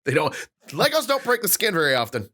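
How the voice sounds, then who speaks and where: A man in his thirties co-hosts a casual podcast and rants through a story. His voice sits a little high and swings widely in pitch, and he acts out the lines he quotes. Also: wildly swooping pitch, fast, bright, forceful tone. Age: 30s. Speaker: podcast co-host.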